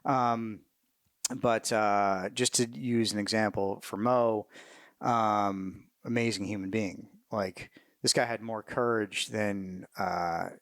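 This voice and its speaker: A man's voice: fairly low pitch, steady tone, takes it slowly, smooth, no echo. A middle-aged man, a retired Marine officer, telling war stories in a casual interview, candid and profane, with many fillers and restarts.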